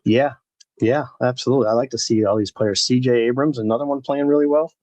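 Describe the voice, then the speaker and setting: Talking fast in a steady, darkish tone, a man at medium pitch hosts a live baseball card break and rambles casually, naming viewers as he opens packs. His voice is gravelly and husky. The dry recording is of low quality.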